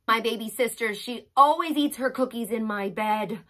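Animated high-voiced woman leading kids' drama. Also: moderate pace, hardly any pauses, breathy edge. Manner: animated storytelling, exaggerated gasps and sighs. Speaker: children's drama leader. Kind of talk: acted children's drama play lesson.

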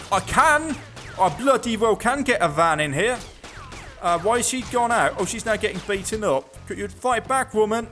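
A man's voice: a little high, fairly bright tone. A man giving sarcastic, chatty let's play commentary, talking back to the characters on screen. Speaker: gaming video host.

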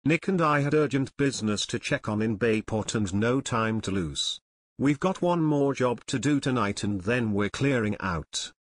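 A man's voice: mid-range voice, animated, normal speed, close to an everyday voice. A man doing a snarling crook. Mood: menacing. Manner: curt, snarling. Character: gruff, snarling male crook. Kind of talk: audiobook character reading.

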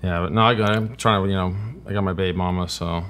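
A man's voice: deep voice, steady tone, quick pace, fairly bright tone, a little hiss or hum. A man chatting casually as a podcast guest, rambling with lots of "like" and "you know" and plenty of swearing.

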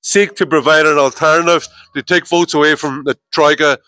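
A man's voice: a little high, fairly even intonation, moderate pace, bright, forceful tone, no echo. Irish man chairing a rally, northern twang. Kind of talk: rally speech and introductions.

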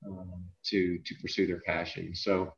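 A middle-aged man hosting a podcast over a video call, talking in a halting way with frequent "uh"s and repeated words. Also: low voice, completely flat delivery, gravelly. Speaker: podcast host and coach. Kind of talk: casual podcast chat. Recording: dull lo-fi video call audio.

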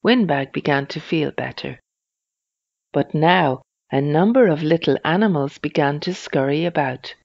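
A reader telling a children's storybook in a slow, even storytelling manner. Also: mid-range voice, creaky, no echo, dull audio.

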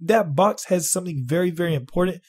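A woman's voice: on the low side, fast talker, darkish tone, husky, voice pushed up. A man voicing his female boss, a frantic woman who repeats herself as she begs for help. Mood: urgent. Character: panicking female boss, shrill and insistent.

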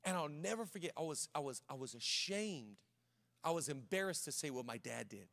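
A man's voice: on the high side, expressive, fast talker. A middle-aged man, a pastor, preaching a sermon in a casual, conversational way, breaking into personal stories with frequent restarts. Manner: conversational, many restarts, drops to quiet storytelling. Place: large church auditorium. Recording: long hall reverb.

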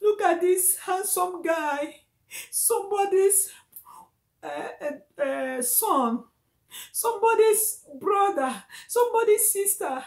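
A woman's voice: very high voice, animated, slow, gravelly, roomy sound. A woman crying as she talks to her viewers, wailing and repeating exclamations. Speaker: video blogger. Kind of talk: emotional lament to camera.

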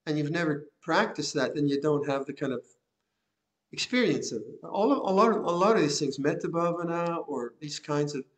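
Older man, Buddhist teacher, unhurried reflective sermon, soft chuckles, slightly raised pitch. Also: lively intonation. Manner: gentle, reflective, with soft laughs and repeated phrases. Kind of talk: Dhamma talk. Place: monastery hall.

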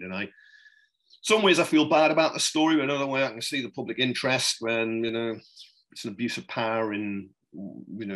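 Man, middle-aged, bright voice, rambling, anecdotal interview chat. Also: lowish voice, poor audio. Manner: rambling, many restarts and "you know"s, chuckles. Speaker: political journalist, podcast guest.

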